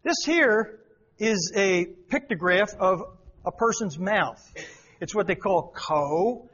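High-pitched guy giving a folksy church talk, repeats stuff, kinda muffled lo-fi recording. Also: expressive, takes it slowly, a bit bright. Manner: folksy, repeats words for emphasis. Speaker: missionary teacher. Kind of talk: church talk explaining Chinese characters. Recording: dull lo-fi recording.

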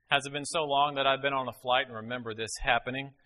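A man's voice: medium pitch, fairly even intonation, brisk, bright, forceful tone. A middle-aged man preaching a sermon, telling a family story in a folksy way with many fillers.

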